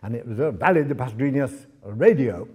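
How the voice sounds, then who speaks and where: A man speaking as a guest author at a library event, telling lively travel anecdotes to an audience, with many fillers and restarts. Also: medium pitch, moderate pace, slightly rough. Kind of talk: anecdotal talk to a live audience.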